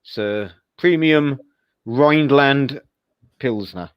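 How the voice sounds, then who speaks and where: A man's voice: medium pitch, slow, clear, resonant tone, no room sound, muffled recording. A man co-hosting a football watchalong, telling rambling stories with stammers and restarts. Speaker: co-host of fan watchalong. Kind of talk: casual chat.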